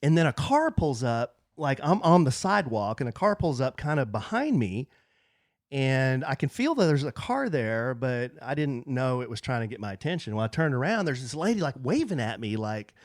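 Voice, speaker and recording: A man co-hosting a podcast tells a story with an animated, swinging delivery and keeps slipping into the voices of the people in it. He is recorded close, with a dry, tight sound. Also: medium pitch, moderate pace, no room sound. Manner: animated storyteller, acts out quoted voices, laughs often. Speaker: podcast co-host. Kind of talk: casual chat, storytelling. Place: podcast studio.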